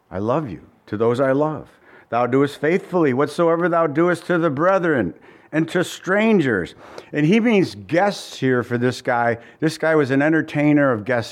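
Animated man preaching a sermon. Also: mid-range voice. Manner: animated, asks the congregation many rhetorical questions; reads scripture in old-fashioned wording. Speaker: pastor.

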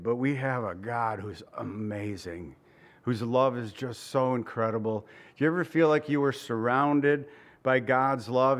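Earnest, emotional male pastor preaching. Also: medium pitch. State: tired and near tears. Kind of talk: sermon.

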